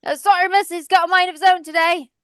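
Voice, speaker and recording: A woman's voice: a little high, big pitch swings, fast talker, a bit bright, slightly rough, full character voice. A woman voicing an earnest young dustman who coaxes a horse and apologizes politely. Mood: apologetic. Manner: soothing, apologetic.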